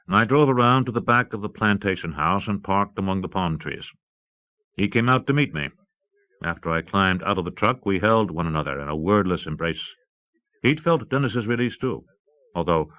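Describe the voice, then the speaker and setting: A man reading a novel aloud in a steady, measured narration, on an old cassette recording. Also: deep voice. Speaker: audiobook narrator. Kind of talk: scripted audiobook narration. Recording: dull lo-fi cassette audio.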